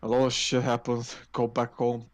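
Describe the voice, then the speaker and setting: A man's voice: medium pitch, normal speed. A man telling a long rambling story on a casual podcast, swearing freely and restarting his sentences. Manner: rambling, profane, animated storytelling. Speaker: podcast co-host.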